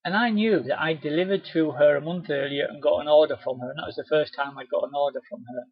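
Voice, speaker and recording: A man presenting a live training webinar, chatty and encouraging, with a husky voice. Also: on the high side, fast. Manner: chatty, encouraging, acts out cheery doorstep greetings. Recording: dull, lo-fi webinar audio.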